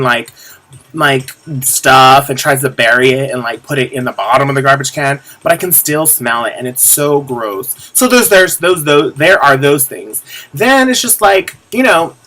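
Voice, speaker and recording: A man's voice: a little high, bright, forceful tone. A young man talking candidly to camera in a casual confessional vlog, rambling with lots of fillers and restarts and the odd swear word. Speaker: vlogger.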